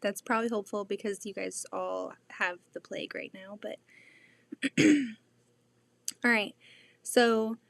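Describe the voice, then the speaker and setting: A woman's voice: medium pitch, steady tone, measured pace, gravelly, pauses often, a bit bright. A woman hosting a casual quilting live stream, chatting with viewers in her home sewing room, often using "like" as a filler.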